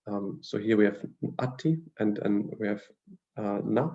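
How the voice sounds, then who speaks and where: A man teaching a language class, reading through grammar notes in a measured, explanatory way with frequent fillers and restarts. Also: fairly low pitch, dark tone, dull audio.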